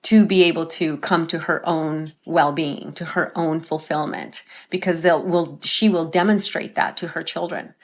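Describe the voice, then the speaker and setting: A woman's voice: sits low, fairly even intonation, normal speed, hardly any pauses. A woman life coach, a guest on an interview show, telling stories earnestly and often ending her points with a tag question. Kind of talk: conversational interview storytelling.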